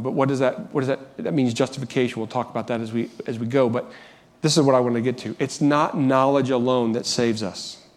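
A man's voice: medium pitch, a little mellow. A man preaching a sermon as pastor, earnest, often restarting and repeating phrases, rising when he urges.

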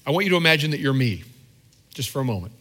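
A man's voice: mid-range voice, sing-song, racing, fairly bright tone. A middle-aged man preaching a sermon as pastor, candid and self-deprecating, acting out little quoted scenes in a conversational way.

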